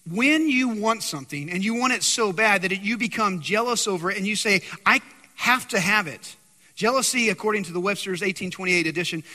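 Animated, high-voiced preacher in a hall. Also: male voice. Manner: animated, keeps quizzing the congregation. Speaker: pastor. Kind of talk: sermon. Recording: long hall reverb.

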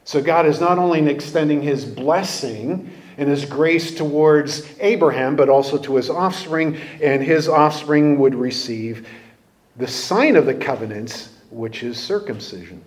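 A man preaching a sermon at an unhurried pace. His voice sits a little high, and he talks to the congregation conversationally and with animation, asking them rhetorical questions. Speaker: pastor.

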